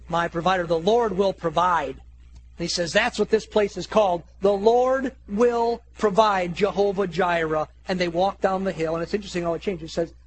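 A pastor telling a story in a sermon, dramatic, and slowing down to stress repeated phrases. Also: male voice, high voice, a little hiss or hum, poor audio. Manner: dramatic retelling, slows down for emphatic repeated phrases.

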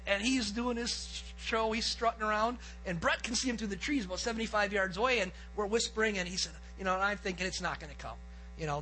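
Pastor, male, high and bright voice; animated storyteller mid-sermon. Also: a little hiss or hum, rough recording. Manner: lively storyteller, acts out quotes and gets excited. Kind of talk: sermon with a personal hunting story.

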